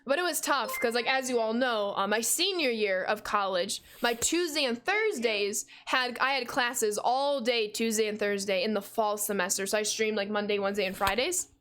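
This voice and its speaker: A young American woman in her twenties, a gaming streamer chatting casually with her viewers, loud and talkative, reading chat aloud and laughing often. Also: fairly high pitch, moderate pace, hardly any pauses, slight background noise. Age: 20s. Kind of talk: casual livestream chat while playing.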